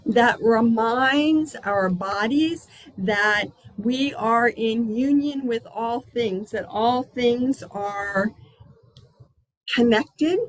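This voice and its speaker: A woman hosting a spiritual healing circle over a video call from her outdoor patio, talking in a gentle, unhurried, chatty way. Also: fairly high pitch, poor audio.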